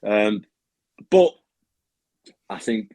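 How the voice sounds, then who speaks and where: A man's voice: fairly low pitch, expressive, drawn-out words, a little mellow, dry recording. A young man with a Manchester accent, a guest fighter chatting candidly in an interview, swearing freely and restarting his sentences. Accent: Manchester English. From Manchester, England. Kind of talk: casual interview chat.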